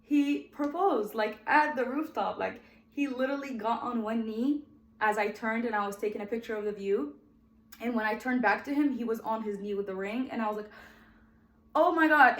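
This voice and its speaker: This podcast host, a woman in her twenties, shares her life story warmly and conversationally, frequently addressing "guys." Her voice is on the high side, and the recording has reverb. Emotion runs through her telling, and occasionally she's near tears.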